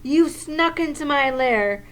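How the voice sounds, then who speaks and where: A woman voicing a big, sleepy male bear in a storybook, sulky and complaining, with drawn-out words. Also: sits high, animated, voice pushed up.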